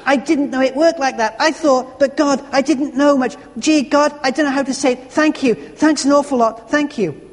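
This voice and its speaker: Man reading as a desperate, tearful guilt-ridden patient, high and pleading, church echo. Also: sing-song, normal speed. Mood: tearful praying. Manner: earnest, pleading, raised voice. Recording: long church reverb.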